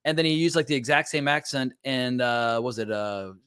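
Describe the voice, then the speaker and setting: A man's voice: mid-range voice, moderate pace, fairly bright tone, clear, resonant tone, no room sound, clean studio sound. A man hosting a casual film discussion, opinionated, asking questions and breaking off to restart sentences. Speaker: film podcast host.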